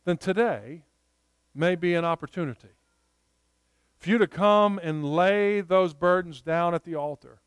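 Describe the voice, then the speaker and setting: A man preaching a sermon, telling stories in an earnest way and slowing down to stress key points. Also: high-pitched, clear, resonant tone, dry recording. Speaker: pastor.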